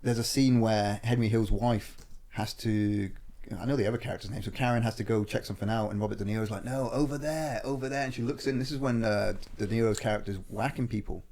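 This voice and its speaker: Male podcast host, quick delivery, gravelly, a bit low, swears freely in casual storytelling. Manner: swears freely, animated anecdote with slang.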